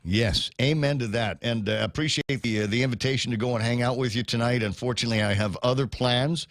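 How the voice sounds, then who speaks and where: A man's voice: mid-range voice, quick pace, no room sound, studio quality. Joking, rambling male radio host. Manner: rambling, joking, many fillers. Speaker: radio talk show host. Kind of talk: casual radio talk. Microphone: studio microphone.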